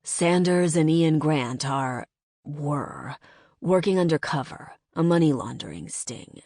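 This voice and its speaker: A steady male secret agent talks in calm, terse lines in an audiobook. He speaks slowly and low, recorded dry and close. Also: dry recording, heavily acted. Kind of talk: audiobook character voice.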